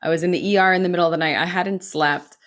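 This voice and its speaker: An American woman in her thirties, a physician assistant, telling a personal story candidly with quick bursts and frequent "like". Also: on the low side. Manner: candid, animated, fast bursts with filler likes.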